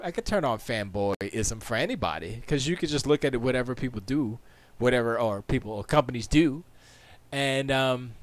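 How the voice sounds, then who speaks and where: A man's voice: medium pitch, no room sound. A tired man hosting a livestream, chatting casually in a rambling way and laughing often. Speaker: livestream host.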